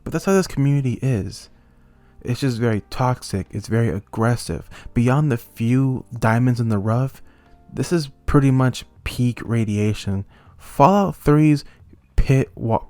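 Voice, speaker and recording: A young man talking into a close mic as a YouTuber, ranting heatedly and swinging between angry outbursts and calmer stretches. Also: medium pitch, measured pace, dry recording. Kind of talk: ranting commentary.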